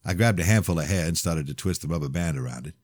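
A man reading a first-person audiobook with an expressive, plainspoken delivery on a close mic. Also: low-pitched, fast, no room sound. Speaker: audiobook narrator.

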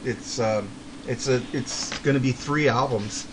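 A man co-hosting a casual talk show about rock albums, chatty and quick to laugh. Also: mid-range voice, background noise. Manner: chatty, laughs often, quotes people in passing. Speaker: podcast co-host.

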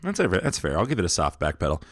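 A man's voice: sits low, huge pitch swings, fast talker, fairly bright tone, no echo. A man hosting a casual pop culture podcast, talking in an upbeat, chatty, welcoming way. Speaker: podcast host. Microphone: studio microphone.

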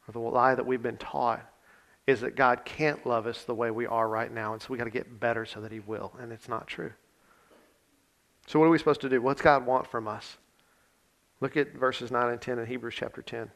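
A man's voice: medium pitch, fairly bright tone. Conversational preaching man. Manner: conversational preaching, rising to emphatic scripture reading. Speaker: pastor. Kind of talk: sermon.

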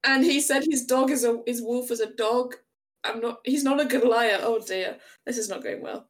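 A giggly woman narrating her character's clumsy moves at a tabletop game, often laughing at herself. Her voice sits somewhat high. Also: moderate pace. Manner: giggly, self-deprecating. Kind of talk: casual tabletop role-play.

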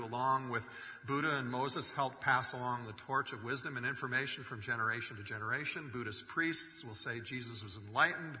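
A man's voice: mid-range voice, bright, forceful tone. A man preaching a sermon as pastor, conversational with wry jokes between scripture readings. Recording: long reverb of a large hall.

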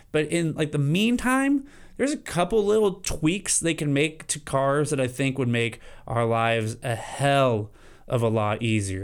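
A man hosting a solo podcast, ranting comically and jumping into high silly voices for his examples. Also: smooth. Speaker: podcast host. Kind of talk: solo comedic podcast rant.

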